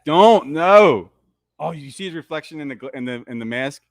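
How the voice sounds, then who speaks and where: A man hosting a live movie commentary, riffing excitedly and swearing as he reacts. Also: medium pitch, quick pace, dry recording. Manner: excitable, profane fan riffing.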